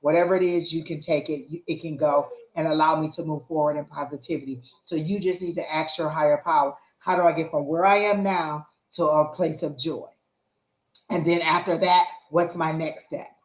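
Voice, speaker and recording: A woman's voice: deep voice, reverberant, low-quality recording. A woman tarot reader giving earnest, repetitive spiritual advice in a casual live reading.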